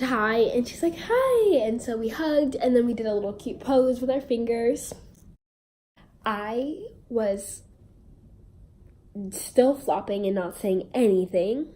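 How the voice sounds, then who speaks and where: A woman's voice: a little high, moderate pace, warm tone. A young woman vlogger telling a casual, rambling storytime, bubbly and self-mocking.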